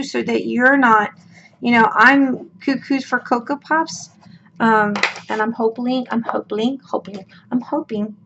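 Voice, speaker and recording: Lady doing a craft tutorial at home, voice kinda shot and gravelly, pitched a bit high, chatty, lots of ums. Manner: chatty, folksy asides, frequent ums and okays. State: voice worn out. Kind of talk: casual step-by-step craft demo. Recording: dull lo-fi with clear room noise.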